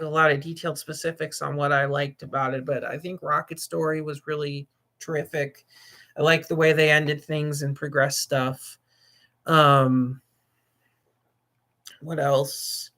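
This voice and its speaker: A man's voice: fairly high pitch, steady tone, normal speed, sharp tone. A man hosting a casual livestream, talking in a rambling, jokey way, often laughing and restarting. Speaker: livestream host.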